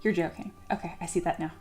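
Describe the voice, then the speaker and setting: A woman's voice: medium pitch, a little mellow. A woman hosting a casual livestream, chatting with her viewers, reading their comments aloud and cheering them on. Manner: upbeat and encouraging toward viewers. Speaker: livestream host and 3D sculptor.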